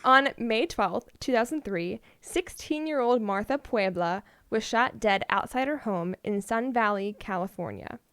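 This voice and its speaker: A woman's voice: a little high, lively intonation, unhurried, few pauses, a bit bright, clean tone, dry recording, studio quality. A woman co-hosting a podcast, telling odd stories in a playful, casual way and often laughing. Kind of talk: casual storytelling chat.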